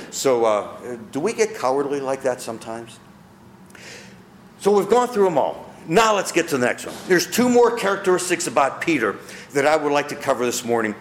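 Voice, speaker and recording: A man's voice: fairly high pitch, sing-song, normal speed, long pauses, echoey room, slight background noise. A man preaching a sermon as pastor, earnest, asking his listeners questions and repeating key phrases.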